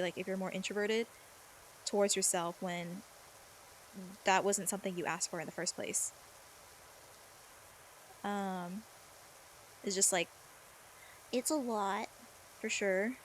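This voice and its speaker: Woman streamer, mid-pitched, loose rambling chat over gameplay, reads chat aloud, faint background noise. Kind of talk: casual chat while gaming.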